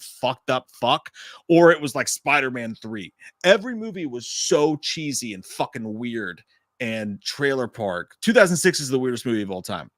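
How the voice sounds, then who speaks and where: A man's voice: mid-range voice, fairly bright tone, no echo, clean studio sound. A man co-hosting a live movie podcast, riffing in a profane, rambling, casual way. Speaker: podcast co-host.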